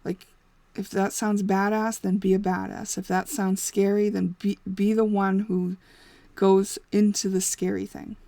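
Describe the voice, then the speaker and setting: Woman host, gravelly edge, mid pitch; candid, rambling advice, laughs often. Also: little pitch movement, measured pace, warm tone, dry recording. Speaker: intuitive reading host. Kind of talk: casual spoken advice.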